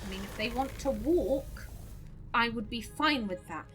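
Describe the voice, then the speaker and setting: A high-pitched woman talks through a horror game at an unhurried pace, swearing freely as her nerves fray. She swings between loud outbursts and low, hushed mutters. Game music plays clearly behind her. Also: animated, poor audio. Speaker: let's play host.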